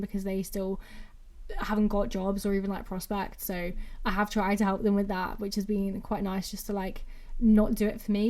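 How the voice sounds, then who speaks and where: A woman's voice: mid-range voice, warm tone. A woman in her twenties from England with a mixed Brummie and Mancunian accent, chatting casually and rambling on her own podcast. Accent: English, a mix of Brummie and Mancunian. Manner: rambling and chatty, with constant "like" fillers. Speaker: podcast host. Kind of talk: casual solo podcast chat.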